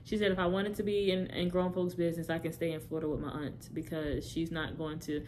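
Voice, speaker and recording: A woman's voice: low voice, little pitch movement, quick pace, a little mellow, slight background noise. Candid young woman telling her testimony. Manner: candid, talks straight to viewers; rambling, self-correcting. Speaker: testimony speaker. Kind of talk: personal testimony storytelling.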